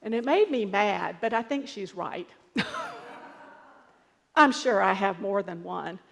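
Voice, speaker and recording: A woman's voice: mid-range voice, lively intonation, takes it slowly, creaky, fairly bright tone, in a large hall. A woman pastor giving a sermon in a conversational, storytelling way.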